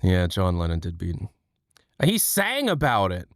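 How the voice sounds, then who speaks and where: A man's voice: low-pitched, huge pitch swings, moderate pace, no room sound, studio quality. A man hosting a livestream from home, chatting casually, joking, swearing and laughing often. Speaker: livestream host. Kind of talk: casual chat.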